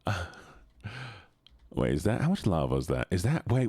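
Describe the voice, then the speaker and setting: Lively, low-voiced young male streamer. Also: moderate pace, breathy edge, no room sound, clean studio sound. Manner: chatty, talks to chat, laughs and swears often. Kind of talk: casual live-stream chat while gaming.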